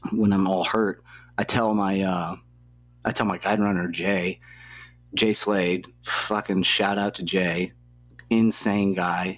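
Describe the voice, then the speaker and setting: A young man, an athlete guest in an interview, telling a story in a casual, rambling way, swearing freely and leaning on filler words. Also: deep voice. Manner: profane, loose, heavy on filler words.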